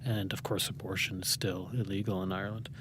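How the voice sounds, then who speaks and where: American guy rambling through a story, lots of ums, lowish voice, faint hiss behind. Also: level tone, a little fast. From United States. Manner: rambling and self-deprecating, with many fillers and restarts. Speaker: guest playwright. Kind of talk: conversational interview.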